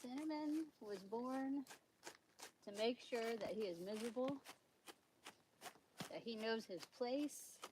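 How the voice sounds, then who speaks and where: A woman's voice: on the high side, slow pace, long pauses. A woman hosting a livestream, cooing baby talk to her animals and swearing now and then. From Maine. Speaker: channel host. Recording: loud background noise.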